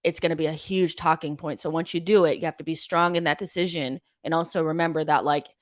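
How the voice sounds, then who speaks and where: A young woman hosts a live football fan stream, reading viewer comments and weighing in bluntly. Her voice sits low and sounds dry and close. She talks loosely, with frequent ums and likes. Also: steady tone, quick pace, no room sound. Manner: chatty, many ums and likes, frank opinions. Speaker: host of a football fan show.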